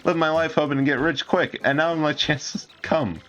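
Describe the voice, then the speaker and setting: A man voicing an eager young male prospector who wants to get rich quick, talking fast like a salesman. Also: lo-fi sound, natural voice. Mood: excited. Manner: excitable, fast salesman pitch.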